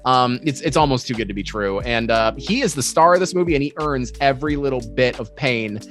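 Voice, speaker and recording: A man's voice: mid-range voice, animated, fairly quick, fairly bright tone, faint music behind. A man in a casual podcast conversation about films, speaking enthusiastically and laughing often. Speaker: podcast co-host. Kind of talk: casual film discussion.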